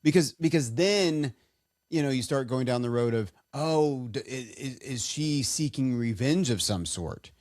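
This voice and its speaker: Recorded dry in studio quality, a male podcast co-host rambles through casual stories, halting and restarting often. His mid-range voice is expressive with a somewhat dark tone.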